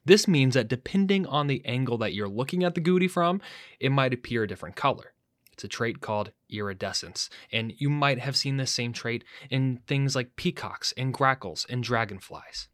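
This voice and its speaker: Excited guy hosting a nature podcast, mid pitch, close dry mic, trips over his words and restarts a lot. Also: no room sound. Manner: enthusiastic, chatty, with self-correcting restarts. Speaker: podcast host. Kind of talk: casual educational narration.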